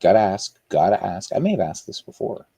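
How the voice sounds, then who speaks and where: A chatty man hosts a live stream and greets his viewers one by one in loose, rambling talk. His voice sits low and mellow but swings widely in pitch. The sound is dry and close. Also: very animated, brisk, creaky, husky, no room sound. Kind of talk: casual live-stream chat.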